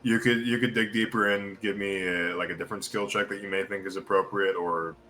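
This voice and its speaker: A man's voice: fairly low pitch, fairly even intonation, fairly quick, pushed and bright. A man running a tabletop game as game master, narrating loosely with many fillers and restarts. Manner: rambling, filler-heavy narration with voiced townsfolk.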